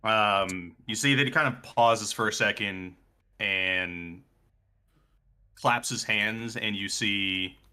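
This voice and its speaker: A man runs a tabletop game, narrating in an unhurried, deliberate way. His voice sits fairly low but has a bright, forward tone. He laughs often and drifts through fillers as he describes the scene. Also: clear, resonant tone. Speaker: game master.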